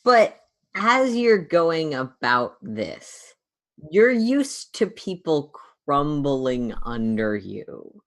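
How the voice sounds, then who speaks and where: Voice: medium pitch, very animated, very slow. A game master narrating and ruling on a tabletop game.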